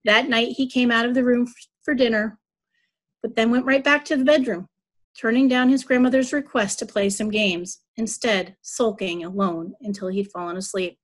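Woman reader for a church service: children's story, fairly high voice, even narration. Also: moderate pace. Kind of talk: reading a children's story aloud.

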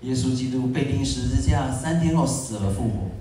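A man's voice: medium pitch, lively intonation, brisk, mellow, distant mic. A man interpreting a sermon phrase by phrase, earnestly echoing the preacher's emphasis. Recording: echoey church hall, picked up from afar.

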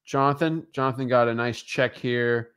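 A man's voice: medium pitch, fairly even intonation, normal speed, clear, resonant tone. Upbeat male livestream co-host. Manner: upbeat, giving shout-outs, many fillers. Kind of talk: casual livestream chat.

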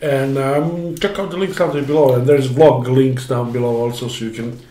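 Relaxed man chatting in an echoey room. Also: mid-range voice, normal speed, slight background noise. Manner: relaxed, joking remarks. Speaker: food vlogger, co-host. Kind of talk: casual chat and channel sign-off. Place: home, eating a meal. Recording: echoey room, faint clatter of dishes.

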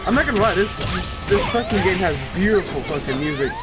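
A man giving casual commentary on a fighting game as a let's player, excitable, swearing and laughing often. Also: sits high, fast talker. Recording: loud game music behind voice.

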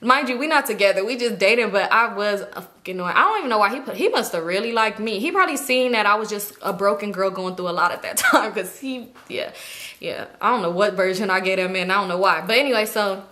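Fast-talking bright-voiced young woman. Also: mid-range voice. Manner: animated, profane, acts out quoted voices. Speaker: storytime vlogger. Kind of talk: casual storytelling.

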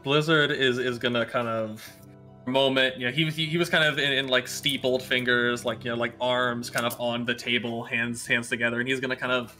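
A man's voice: mid-range voice, fairly even intonation, fairly quick, pushed and bright, faint music behind. A man running a tabletop game as game master, narrating in a rambling way with many restarts and fillers.

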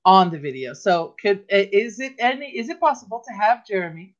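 A woman's voice: medium pitch, very animated, fairly quick, lo-fi sound. A woman hosting a live online talk show, chatting casually with many restarts and easy laughter. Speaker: host.

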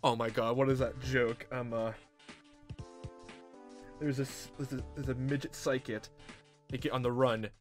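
A man's voice: mid-range voice, level tone, unhurried, long pauses. Rambling man over game music. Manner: rambling, filler-heavy, joking. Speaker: let's-play host. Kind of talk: casual game commentary.

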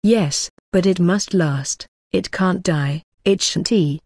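A woman's voice: fairly low pitch, slow pace, a little mellow, breathy edge, no echo, clean studio sound, full character voice. A woman reading an ardent young lover. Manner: effusive, poetic declarations. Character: ardent young man in love, rhapsodic.

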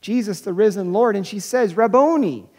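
A pastor giving an Easter sermon, who thinks aloud, restarts phrases and repeats words, and slows down to stress key points. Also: medium pitch, a little mellow. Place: church sanctuary. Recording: long reverb of a church hall.

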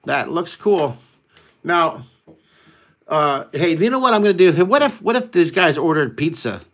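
A man hosting a live online drawing lesson, talking excitedly and rambling as he draws and makes up a story. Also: on the high side, moderate pace.

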